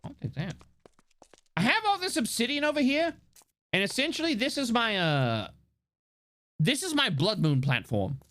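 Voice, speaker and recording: A man's voice: very high-pitched, big pitch swings, normal speed, pauses often, fairly bright tone. A man streaming a game live, chatting casually with viewers in a rambling, playful way, swearing and laughing often. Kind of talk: casual live-stream chat while gaming.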